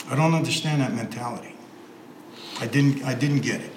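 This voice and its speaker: Brief: a mid-pitched former mobster, measured and plain-spoken, recorded in an echoey room with light hiss. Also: male voice. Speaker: interview guest, former organized crime member. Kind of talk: reflective interview answers.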